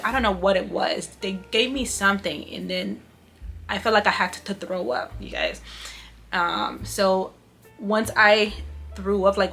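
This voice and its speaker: A woman's voice: mid-range voice, fairly bright tone. A young woman vlogger telling a personal story to her viewers in a casual, emotional way, often turning to them with "you guys.".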